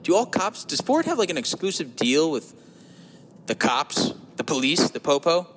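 A podcast host from New Jersey, United States, talks alone from his parked car in a crude, profane, joking solo ramble, swinging into loud voices. His voice is fairly high and very animated at a moderate pace, sounding as if in a large hall, with a little hiss or hum.

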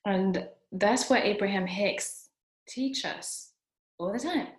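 A woman's voice: mid-range voice, slow. A woman giving an earnest motivational self-help talk, repeating lines for emphasis. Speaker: motivational speaker. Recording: echoey room.

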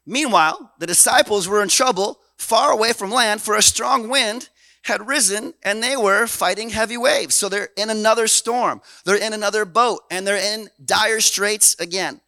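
A man from Canada preaching a sermon in an animated, folksy way, dropping low and then swelling loud. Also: moderate pace, dry recording. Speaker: pastor.

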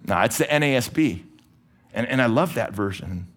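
A middle-aged man preaching a sermon from a church stage, talking energetically and conversationally with quick restarts. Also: medium pitch, lively intonation, fairly bright tone, breathy edge. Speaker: pastor.

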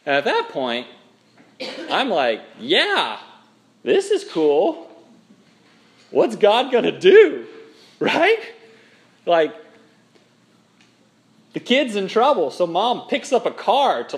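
Male pastor, from Minnesota, slightly raised pitch, lively dramatic sermon storyteller. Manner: animated storytelling with dramatic emphasis.

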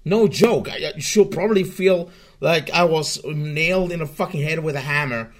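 A male streamer whose voice sits a little high. He rants casually and profanely, tripping over restarts and repeating himself as he goes. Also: normal speed. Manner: profane, rambling, stumbling restarts. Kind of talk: casual ranting stream talk.

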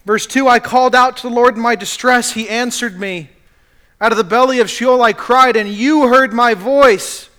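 Bright-voiced male pastor preaching. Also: very high-pitched, moderate pace. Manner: earnest preaching with acted-out quotes. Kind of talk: sermon.

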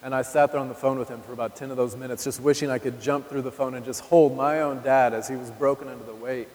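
Speaking fast in a steady, slightly mellow, medium-pitched voice, a preacher in his 30s shares a personal testimony with his congregation. He is candid and conversational, talking straight to the audience in a live recording from an echoing church hall.

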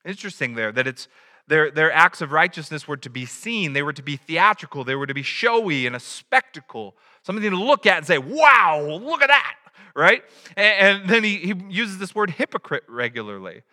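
Guy preaching, high and really bright voice, chatty, acts out quotes, echoey hall sound. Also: sing-song, brisk. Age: adult, has a child. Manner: conversational preaching with acted quotes. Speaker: pastor. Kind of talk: sermon.

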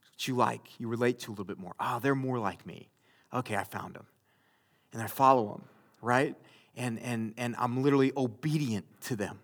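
A man preaching a sermon in a conversational way, with loud, emphatic bursts. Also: medium pitch. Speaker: pastor.

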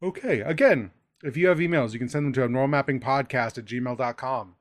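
A man's voice: mid-range voice, brisk. A man hosting a podcast in a casual, swearing manner, running the outro and plugs. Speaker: podcast host.

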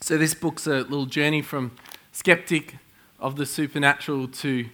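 A middle-aged man preaching a sermon to a congregation, telling stories with excitable energy and frequent chuckles. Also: fairly high pitch, moderate pace. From Australia. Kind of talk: sermon with storytelling. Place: church in front of a congregation.

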